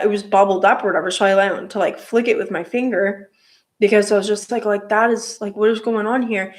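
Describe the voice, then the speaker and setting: A woman telling a casual story about her motorcycle build, rambling with lots of fillers and restarts. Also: medium pitch.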